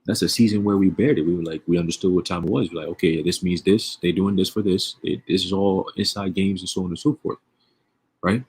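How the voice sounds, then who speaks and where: Man, online preacher, husky, lowish voice, streetwise, emphatic. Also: steady tone, a little fast, a little mellow. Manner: streetwise, emphatic, peppered with rhetorical questions. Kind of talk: casual profane religious commentary.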